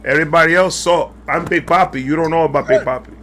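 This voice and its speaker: A man doing a bragging baseball star who boasts in broken English. The voice sits high and sounds bright, with faint background noise. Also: steady tone, fast, close to an everyday voice. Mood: boastful.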